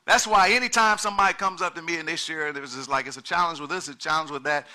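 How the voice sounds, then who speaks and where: A male pastor preaching a sermon, swinging from quiet, low passages to shouted peaks and urging the congregation on with repeated exhortations. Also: quick pace, hardly any pauses.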